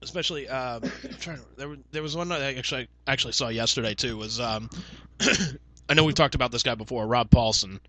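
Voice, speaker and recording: A young man co-hosts a podcast in a mid-range, fairly bright voice at a brisk pace. He tells stories in casual chat, swearing freely and filling his talk with fillers.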